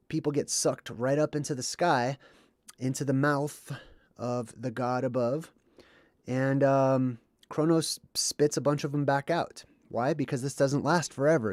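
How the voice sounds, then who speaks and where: A man's voice: medium pitch, darkish tone. A man talks casually on a livestream in an ordinary mid-range voice, wandering from point to point with plenty of ums and asides. He is recorded close up with a dry, dead sound and no room echo. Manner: rambling and conversational, with frequent ums and asides. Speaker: livestream host.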